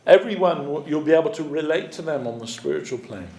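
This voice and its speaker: A man's voice: a little high, expressive, quick pace, a little mellow. Roomy-sounding male spiritual teacher. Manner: conversational, many fillers. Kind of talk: storytelling sermon. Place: temple hall.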